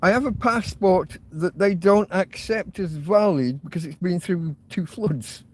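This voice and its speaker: A man's voice: high-pitched, unhurried. An English man hosting his own podcast, ranting angrily and swearing, close to tears. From England. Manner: agitated, swearing, near tears. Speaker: podcast host. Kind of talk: angry ranting monologue.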